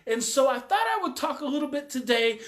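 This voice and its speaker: High-voiced, emphatic woman coach. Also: expressive, a little fast. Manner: emphatic and repetitive; frank, mild swearing. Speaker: parenting coach. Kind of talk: live daily talk.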